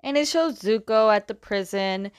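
A woman casually recapping a story, chatty, retelling scenes with lots of "like" and quick quoted lines. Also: medium pitch, clear, resonant tone, no echo, clean studio sound. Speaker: comic recap talker.

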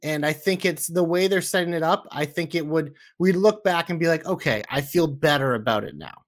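A man co-hosting a wrestling podcast, talking through his ideas in a measured, hedging way. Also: fairly high pitch. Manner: measured, thinking aloud with hedges. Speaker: podcast co-host. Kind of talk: casual wrestling podcast chat.

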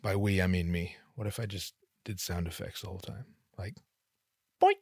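A man's voice: a little fast, vocal fry, breathy edge, no echo, studio quality. Rambling, profane man on a podcast. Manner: rambling, profane, self-deprecating storytelling with sudden animated jumps in pitch. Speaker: podcast host. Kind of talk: solo comedic podcast monologue.

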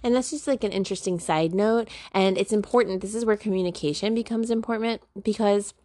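A woman's voice: medium pitch, gravelly, darkish tone, dry recording, clean studio sound. A woman giving a casual, chatty self-help monologue, full of slang and filler words. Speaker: spiritual self-help vlogger. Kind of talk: casual talking-to-camera monologue.

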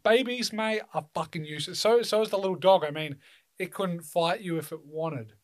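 A young man chats casually and tells rambling, profane stories, laughing often. His voice sits a little higher than most men's. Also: moderate pace. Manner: loose, swearing storyteller who laughs often. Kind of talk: casual chat.

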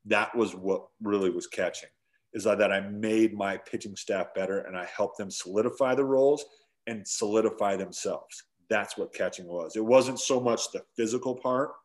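A man, a former pro catcher in his forties, telling stories from his playing days in a casual interview, acting out shouted lines as he goes. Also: fairly low pitch, moderate pace. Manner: animated storyteller, acts out yelling quotes.

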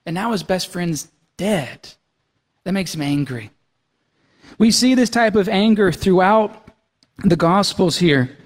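A male pastor with a notably high voice preaches a conversational sermon, often turning to his listeners with quick check-ins. His voice rings out with a long reverb through a church sanctuary. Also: lively intonation. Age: young adult to middle-aged, has young kids. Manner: conversational, asks the congregation "right?" and "okay?".

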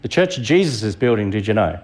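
A visiting preacher from Australia, middle-aged, talks to his congregation in a conversational sermon full of rhetorical questions. His voice runs on the low side and a little mellow, with big pitch swings and a fairly quick pace.

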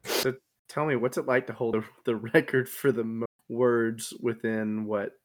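A man's voice: mid-range voice, level tone, unhurried. A man who is a guest on a casual podcast, laid-back and chuckling as he plays along with the jokes, speaking into a USB mic on his laptop.

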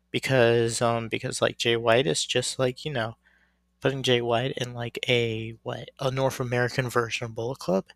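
A man's voice: medium pitch, vocal fry, fairly bright tone, dry recording. A man hosting a casual solo wrestling commentary, rambling with lots of fillers and restarts. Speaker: wrestling podcast host.

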